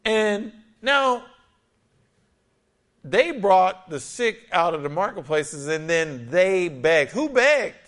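Bright-voiced, animated male preacher. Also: high-pitched, takes it slowly. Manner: lively and conversational, acting out quotes. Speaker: pastor. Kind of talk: sermon.

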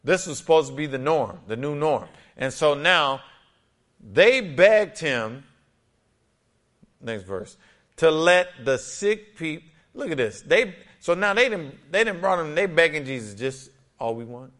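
Bright-voiced, animated male preacher. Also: on the high side, moderate pace. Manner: lively and conversational, acting out quotes. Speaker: pastor. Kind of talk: sermon.

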